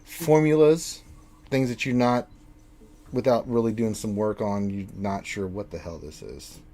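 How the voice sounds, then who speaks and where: A man's voice: lowish voice, measured pace, dark tone. A man narrating a tabletop game as game master, rambling and often correcting himself.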